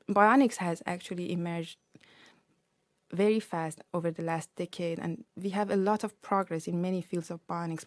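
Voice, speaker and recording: A woman scientist explains her work on a radio interview. Her voice sits a little low and the sound is dry and close. She speaks in a measured, careful way. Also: darkish tone, no echo. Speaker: researcher guest.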